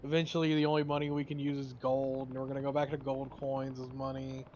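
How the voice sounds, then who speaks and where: A man chatting on a gaming stream, spinning rambling deadpan joke scenarios. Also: medium pitch, quick pace. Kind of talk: casual gaming chat. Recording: dull lo-fi mic with faint noise.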